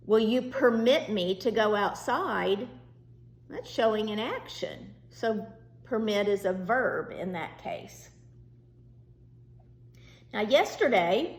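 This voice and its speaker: A woman teacher, giving a virtual lesson to young students in a slow, patient and reassuring way. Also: a little high. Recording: echoey room.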